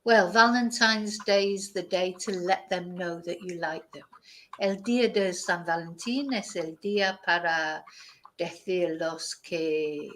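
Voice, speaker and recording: A woman leads a bilingual vocabulary lesson at an unhurried pace. She repeats each word slowly and carefully so viewers can copy the pronunciation. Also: fairly low pitch, a bit bright, a little hiss or hum, poor audio. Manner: slow, careful pronunciation drills. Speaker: language teacher.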